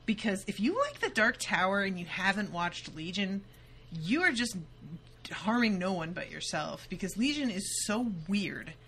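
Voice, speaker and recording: Enthusiastic bright-voiced woman host. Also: medium pitch, slight background noise. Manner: enthusiastic, fast, swears casually. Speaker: podcast host. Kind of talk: casual chat.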